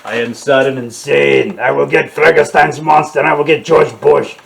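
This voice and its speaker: A man's voice: mid-range voice, little pitch movement, vocal fry. A man doing a blustering, boastful dictator. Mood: boastful, threatening. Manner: slow, loud, pompous declaiming. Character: boastful male dictator and ex-boxer, blustering and threatening.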